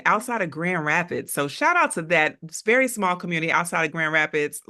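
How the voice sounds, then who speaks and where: A woman hosting a casual podcast, talking in a gushing, upbeat way. Her voice is bright and forward, with a clear ring. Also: low-pitched. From East Coast of the US. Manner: upbeat, effusive, laughs often. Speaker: podcast host.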